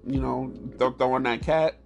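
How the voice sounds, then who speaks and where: A man hosting a podcast, telling a story in a candid, animated and profane way. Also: normal speed, creaky, faint music behind. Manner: animated, profane storytelling with high squeals and laughs. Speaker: podcast host.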